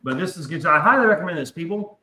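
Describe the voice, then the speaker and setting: A man's voice: fairly high pitch, animated, fast, sharp tone, poor audio. A man in his forties hosting a casual show, rambling and swearing through a story. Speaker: podcast host. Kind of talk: casual chat.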